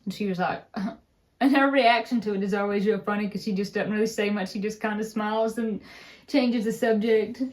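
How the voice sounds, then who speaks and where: A woman's voice: medium pitch, fairly even intonation, moderate pace. Woman, Appalachian accent, easygoing, casual chat, explaining. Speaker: co-host.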